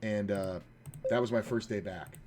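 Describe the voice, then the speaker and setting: A man with a fairly low voice tells long, wandering stories about his dealing days while he plays online poker. His talk is loose and profane, padded with lots of "uh" and "like". A faint hiss sits under the recording. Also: steady tone, moderate pace. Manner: rambling, profane, full of fillers. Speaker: poker player and former casino dealer. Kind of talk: casual storytelling while playing online poker.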